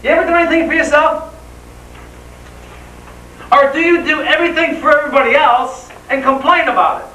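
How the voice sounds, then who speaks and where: A man with a very high, bright voice gives an enthusiastic motivational talk, tossing rhetorical questions at the crowd. He sounds distant from the mic, his voice ringing through a roomy hall over a faint hum. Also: fairly quick, pauses often. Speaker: motivational speaker. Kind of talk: live seminar speech. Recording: echoey hall, voice from far off.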